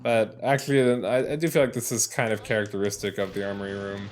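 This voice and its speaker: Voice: mid-range voice, steady tone, quick pace. A let's player giving casual gameplay commentary, rambling, restarting and swearing as things happen on screen.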